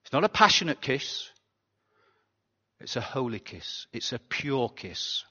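A pastor giving a sermon in a chatty, conversational way, often asking the congregation rhetorical questions. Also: male voice, mid-range voice, sing-song, measured pace, sharp tone, husky. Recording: dull sound with long hall reverb.

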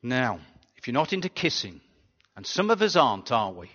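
A pastor giving a sermon in a chatty, conversational way, often asking the congregation rhetorical questions. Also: male voice, mid-range voice, very animated, moderate pace, a bit bright. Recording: dull sound with long hall reverb.

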